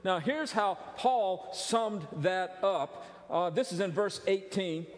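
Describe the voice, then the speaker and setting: A middle-aged male pastor preaching a sermon, animated and joking, with frequent restarts. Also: high-pitched, slow. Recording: long reverb of a large hall.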